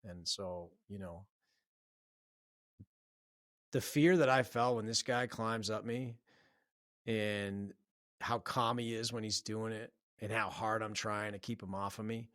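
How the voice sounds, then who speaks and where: A man with a fairly low voice delivers a blunt, heavily profane pep talk as a solo podcast host. His sound is close and completely dry, with no room around it. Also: steady tone, takes it slowly, pauses often, a bit bright, no echo. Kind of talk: solo motivational podcast monologue.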